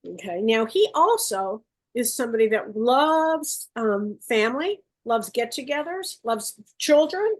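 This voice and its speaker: A woman giving a psychic gallery reading over a video call, coaxing and relaying messages in quick bursts. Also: on the high side, sing-song. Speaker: psychic medium. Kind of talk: live online gallery reading.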